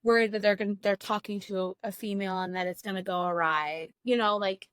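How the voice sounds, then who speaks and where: Bright, chatty woman in her forties. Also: medium pitch, fairly even intonation, brisk, clean tone, no echo. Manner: chatty, gossipy, frank. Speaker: podcast guest and co-host. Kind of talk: casual chat.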